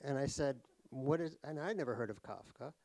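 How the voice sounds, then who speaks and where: A man's voice: mid-range voice, brisk, darkish tone. A middle-aged man, an author telling comic stories about himself at a live talk. He is wry and self-deprecating, laughs at his own jokes, and rambles through fillers and restarts. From United States (New York). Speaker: author guest in a stage conversation. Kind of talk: comic anecdotal storytelling. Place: live talk at a cultural center.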